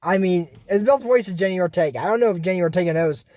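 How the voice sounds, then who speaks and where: A vlogger casually recapping a cartoon episode in a chatty, excitable way, full of fillers and restarts. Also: mid-range voice, very fast, no room sound. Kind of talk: casual rambling recap commentary.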